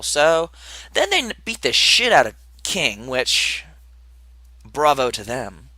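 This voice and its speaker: A man's voice: medium pitch, sing-song, a little slow, bright, forceful tone, no echo. A young man recapping a wrestling show in a casual, rambling podcast style, with asides and muttered remarks.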